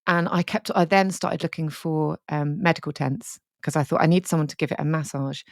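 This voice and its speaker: A woman's voice: deep voice, a little fast, no echo, clean studio sound. A woman co-hosting a podcast, telling a candid, sweary, emotional story in casual chat. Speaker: podcast co-host.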